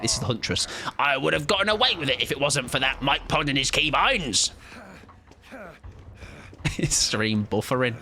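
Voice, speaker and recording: A man with a British accent giving animated live gaming commentary, swearing and laughing a lot. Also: medium pitch, normal speed, long pauses. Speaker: streamer. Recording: game music playing under the voice.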